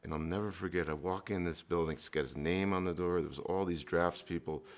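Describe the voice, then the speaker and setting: Deep gravelly man telling his story. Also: fairly even intonation, brisk. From New Jersey, USA. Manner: earnest storytelling with fillers and restarts. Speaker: entrepreneur guest. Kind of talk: candid life-story interview.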